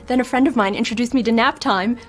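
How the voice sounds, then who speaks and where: Brief: an actress as a tired mom in a parody ad, fairly high voice, soft music behind. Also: female voice, fast talker, lightly acted. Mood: relieved. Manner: relieved, confessional. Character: worn-out relieved young mother. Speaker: infomercial testimonial.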